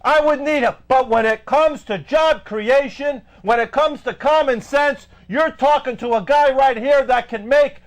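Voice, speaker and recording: A man's voice: very high-pitched, measured pace, few pauses, rough recording. A man hosting a live web show, ranting indignantly about politics with frequent stammered fillers. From United States.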